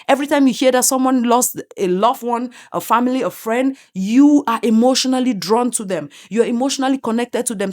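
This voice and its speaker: A woman with an African accent giving an opinionated commentary monologue, emphatic and full of rhetorical questions. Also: fairly high pitch. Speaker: online commentator.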